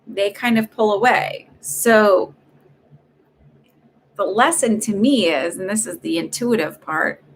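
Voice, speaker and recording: A woman's voice: mid-range voice, takes it slowly, a little hiss or hum. A woman giving live psychic readings on a stream, talking in a rambling, chatty way with lots of fillers and restarts. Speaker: psychic medium doing paid readings.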